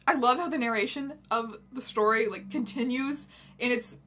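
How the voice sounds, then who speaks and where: A young woman hosting, reading a story aloud in a dramatic comic way, with wry and animated asides. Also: fairly high pitch, normal speed. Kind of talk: comedic dramatic reading with commentary.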